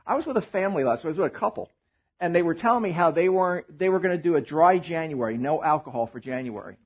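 A man preaching a sermon as pastor, animated and joking, telling stories to his church. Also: fairly high pitch, fast talker, husky, dull audio. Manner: animated, joking storyteller who drops to a hushed tone in prayer.

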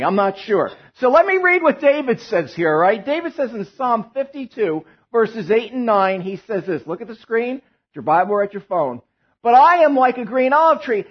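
A man preaching a sermon as pastor, animated and joking, telling stories to his church. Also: very high voice, slightly rough, lo-fi sound. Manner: animated, joking storyteller who drops to a hushed tone in prayer.

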